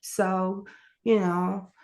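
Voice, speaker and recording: A woman's voice: mid-range voice, little pitch movement, drawn-out words, a little mellow. A middle-aged woman telling a story as an interview guest, rambling along with many fillers and self-corrections. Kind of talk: casual storytelling chat.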